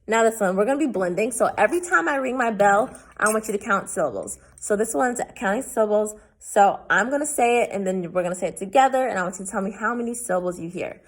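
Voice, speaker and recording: A young woman teacher recording a remote lesson, saying each word slowly and carefully. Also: mid-range voice, animated.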